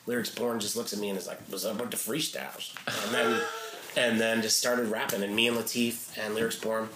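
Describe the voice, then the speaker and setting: A man's voice: fairly low pitch, brisk, background noise. A man, a guest musician, telling stories in casual chat and acting out the quoted voices of people in them. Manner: animated storyteller, acts out quoted dialogue in shifting voices. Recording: roomy echo.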